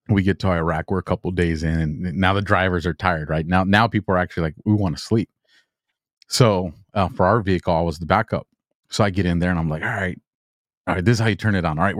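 A man's voice: low voice, dry recording, clean studio sound. A man, a military veteran, telling a story in casual chat and laughing as he goes. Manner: laughing while telling a story, acts out quoted voices. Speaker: veteran guest.

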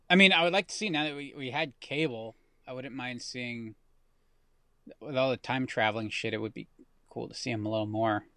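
A man's voice: mid-range voice, moderate pace, long pauses, bright, forceful tone, no echo. Rambling man on a dry mic. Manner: rambling, self-correcting. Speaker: podcast co-host. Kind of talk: casual chat.

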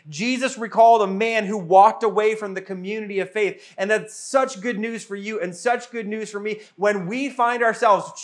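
A male pastor preaching a sermon, earnest and repetitive, at times speaking in the first person as Jesus. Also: high voice.

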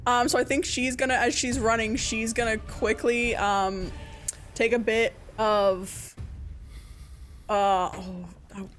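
A woman's voice: a little high, steady tone, slow pace, fairly bright tone. A woman playing a tabletop game, chatty and hesitant, with many likes and ums. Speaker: player. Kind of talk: casual tabletop play.

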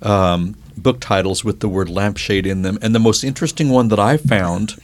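Male podcast co-host, lower voice, halting, casual delivery full of restarts. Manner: hesitant, halting, with many restarts. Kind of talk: casual chat.

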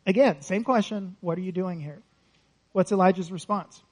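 A man preaching a sermon in a relaxed, conversational way, often asking the congregation questions and laughing lightly between points. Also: high voice, normal speed, poor audio.

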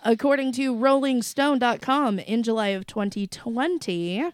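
On a podcast she co-hosts, a woman swears freely while spinning lively stories in casual chat. Her voice runs on the high side, smooth and unhurried, in clean studio sound with no echo.

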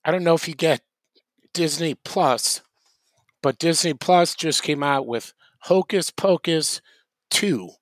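Man with a somewhat high voice, wry chat. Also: slow pace, dry recording. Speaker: podcast co-host. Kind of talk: casual chat.

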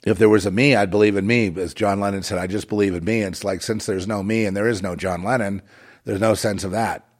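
A man's voice: lowish voice, steady tone, quick pace. A man delivering a rambling, moralizing monologue with a sardonic, digressive way of talking.

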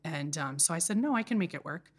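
A woman in her thirties, a podcast guest in casual chat, speaking candidly with frequent laughs and halting restarts. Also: sits low, expressive, slightly rough. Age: 30s.

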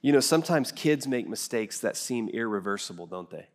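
A man's voice: mid-range voice, expressive, fairly quick. Storytelling male pastor preaching. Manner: storytelling, acts out quoted voices. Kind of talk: sermon.

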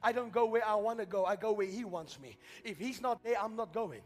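A man preaching a sermon to a congregation, leading them in call-and-response and building to shouted fervor. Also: high-pitched, brisk. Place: church hall. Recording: long church hall reverb with faint music.

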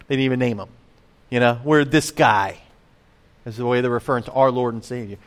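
A man's voice: medium pitch, fast talker, fairly bright tone. A man preaching a sermon in a conversational way, full of rhetorical questions and acted-out voices of the crowd. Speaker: pastor.

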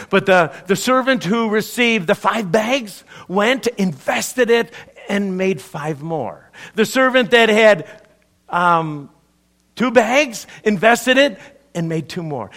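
A male pastor preaching to his church in a lively, conversational way. His voice sits high and swings widely, rising and falling for emphasis. He takes his time, letting each phrase land slowly. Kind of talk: sermon. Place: church service.

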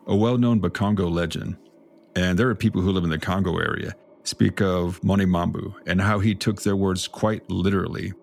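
A man co-hosting a podcast, telling folk tales in a relaxed, jokey way with dramatic read-aloud narration. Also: sits low, normal speed, gravelly. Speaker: podcast co-host. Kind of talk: casual storytelling chat.

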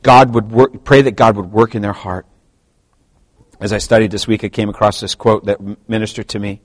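A middle-aged man preaching a sermon to his church, swinging from quiet asides to loud, emphatic passages. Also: fairly low pitch, steady tone, fairly quick, no echo. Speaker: pastor.

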